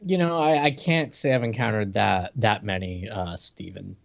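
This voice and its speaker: A man's voice: fairly low pitch, gravelly, highs cut off. A man co-hosting a casual podcast, joking wryly and hesitating with fillers. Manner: wry jokes, halting with fillers. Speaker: podcast co-host.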